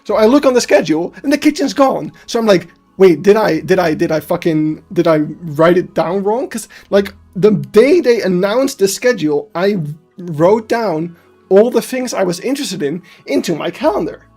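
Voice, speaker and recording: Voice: medium pitch, lively intonation, normal speed, a little mellow. Swearing streamer ranting. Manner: heated ranting, swears freely, laughs at self. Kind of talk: casual live-stream chat. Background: faint background music.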